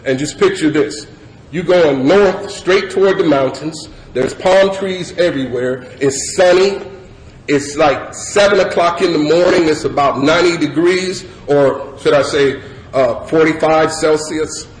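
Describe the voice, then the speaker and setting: A middle-aged man sharing his personal recovery story at a meeting, animated and laughing, with lots of "you know" fillers. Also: fairly high pitch, measured pace. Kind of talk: personal testimony share. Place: meeting hall with audience. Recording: echoey hall with crowd noise. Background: audience murmur and ambience.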